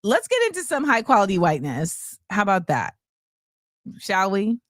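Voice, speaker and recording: A woman hosting a casual commentary show, animated and chatty with lots of fillers. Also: medium pitch, moderate pace, no echo, studio quality. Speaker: show host.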